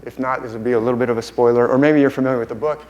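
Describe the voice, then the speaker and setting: A man's voice: mid-range voice, fairly even intonation, racing, darkish tone, lo-fi sound. Enthusiastic male conference speaker. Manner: enthusiastic, repeats and restarts phrases. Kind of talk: conference lecture. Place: conference hall.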